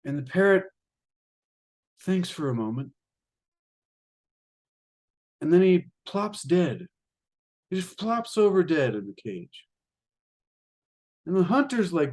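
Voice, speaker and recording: A man reading from a spiritual book and retelling a fable in a casual, rambling way, addressing listeners as ladies and gentlemen. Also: high-pitched, sing-song, slow pace, long pauses. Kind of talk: reading aloud with spoken commentary.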